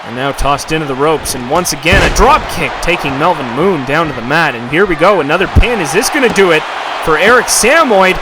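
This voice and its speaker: A man doing play-by-play commentary for a video game wrestling show, getting excited and shouting at the big moments. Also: on the high side, a little fast, noisy background. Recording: loud music and crowd behind.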